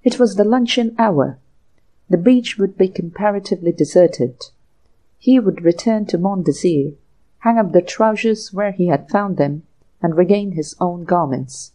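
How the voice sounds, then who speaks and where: A woman narrating a classic short story for an audiobook in a measured, even way. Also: lowish voice, poor audio. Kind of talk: scripted narration.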